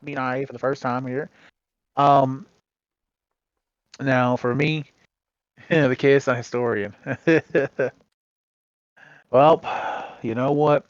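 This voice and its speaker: A man of middle pitch tells stories from his gaming community in a loose, rambling way, circling back with lots of fillers. The recording is dull and lo-fi with a very dry, close sound. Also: fairly even intonation, takes it slowly, pauses often, no echo. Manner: rambling anecdotes with many fillers and restarts. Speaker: interview guest, gaming community leader. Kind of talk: casual storytelling interview.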